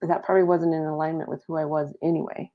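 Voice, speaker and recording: A woman's voice: low-pitched, level tone, quick pace. A woman guest on a spiritual talk show, speaking in an earnest, reflective way. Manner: earnest, reflective, laughs lightly. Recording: dull lo-fi audio.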